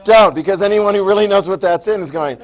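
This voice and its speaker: A man teaching a high school history lesson in a casual lecture style, full of sarcastic asides and telling students to write things down. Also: fast talker, darkish tone.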